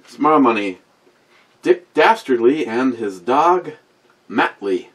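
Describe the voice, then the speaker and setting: A man's voice: mid-range voice, animated, slow pace, husky. A man in his sixties hosting a beer review in casual chat to camera, rambling and profane, with wisecracks and asides to a voice assistant. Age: 60s. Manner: talks back to a voice assistant.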